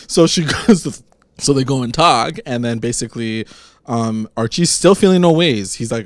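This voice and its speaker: A man's voice: mid-range voice, moderate pace, no room sound. Slangy laid-back guy recapping a show. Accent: Canadian. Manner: laid-back slangy retelling with acted-out quotes. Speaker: podcast co-host. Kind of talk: casual recap chat.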